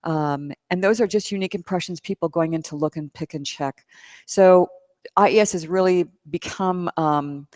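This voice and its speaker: A woman guest, the conference chair, explaining her field in a casual interview at a conference, lively and enthusiastic with frequent ums. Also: fairly low pitch, normal speed, no room sound, clean studio sound. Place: conference venue.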